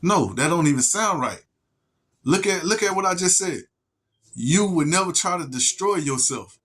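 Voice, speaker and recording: Talking straight to the camera, a male vlogger delivers a heated rant laced with profanity, restarting and repeating himself. His high, slightly bright voice has lively intonation, and he slows down to stretch out his wordplay.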